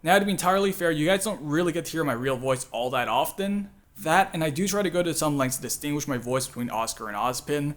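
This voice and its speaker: A fairly high-pitched man with a fairly bright tone runs a casual video commentary as a channel host and voice actor. He is chatty and self-deprecating, laughing frequently and filling pauses with filler words.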